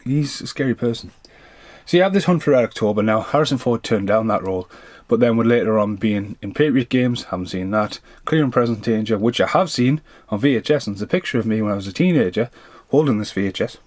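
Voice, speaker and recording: A man's voice: fairly low pitch, lively intonation, fast, a little mellow, dry recording. A man in his thirties or forties doing an unscripted film review rant, rambling, swearing freely and drifting off on tangents.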